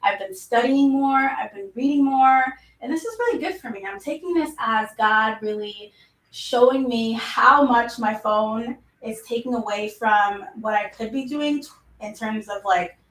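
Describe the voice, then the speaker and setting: A woman's voice: a little high, a little slow, a bit bright, echoey room, distant mic, poor audio. A young woman live streaming about self-help, talking casually with lots of "like" fillers. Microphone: mic set in front of her.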